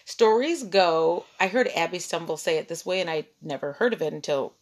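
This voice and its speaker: A woman's voice: on the low side, brisk. A woman hosting a casual interview who encourages her guest and sums up what she has said. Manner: encouraging, reflects back and sums up. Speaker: host.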